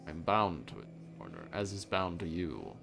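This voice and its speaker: Man putting on a hushed, solemn hooded Reaper. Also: sits low, very animated, vocal fry, noisy background, voice pushed down, full character voice. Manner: slow, hushed, formal old-style speech. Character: hooded male Reaper, enigmatic, solemn, apologetic. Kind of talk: game dialogue read aloud.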